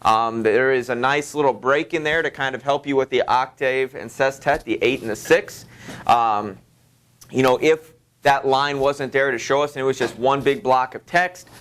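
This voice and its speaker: A man teaching a high school literature class in a loose, rambling way, full of fillers and restarts. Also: moderate pace, a bit bright, clean tone. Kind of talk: classroom lecture.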